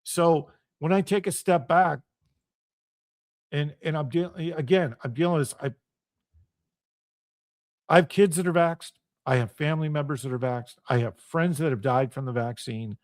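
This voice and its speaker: A man's voice: a little high, normal speed, a little mellow, dry recording, studio quality. A middle-aged man hosting a radio show, delivering a heated, profane solo monologue with an intense, ranting manner.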